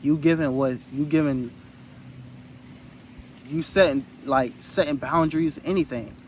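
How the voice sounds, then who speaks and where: A man's voice: a little high, measured pace, a little hiss or hum, low-quality recording. A man giving an earnest, rambling motivational talk into his phone outdoors, repeating phrases for emphasis. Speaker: spiritual vlogger.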